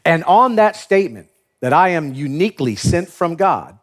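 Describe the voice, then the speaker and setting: Brief: a male pastor delivering a sermon, jokey, acts out the quotes, high and highly expressive. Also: moderate pace. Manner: animated storyteller acting out quotes, joking.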